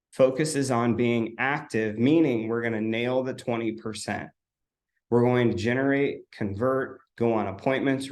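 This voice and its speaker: A man at an ordinary middle pitch coaches real estate agents through a weekly motivational talk. He speaks directly and encouragingly. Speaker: coach and host.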